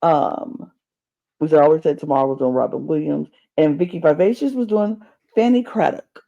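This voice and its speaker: This male co-host has a fairly high, mellow voice with vocal fry, speaking at a normal pace. His chat is a loose reality-show recap, rambling with many fillers and false starts, captured in muffled lo-fi podcast audio.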